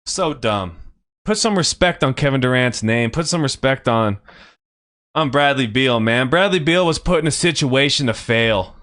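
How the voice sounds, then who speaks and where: A man's voice: medium pitch, expressive, moderate pace, fairly bright tone. Heated young man ranting about sports. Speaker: podcast host. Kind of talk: casual sports talk.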